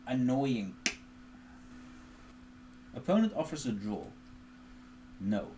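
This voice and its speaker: A man's voice: medium pitch, very animated, slow pace, background noise. A man streaming chess, thinking aloud as he explains positions and moves, with dry self-mocking asides. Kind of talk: live chess commentary. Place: home streaming setup.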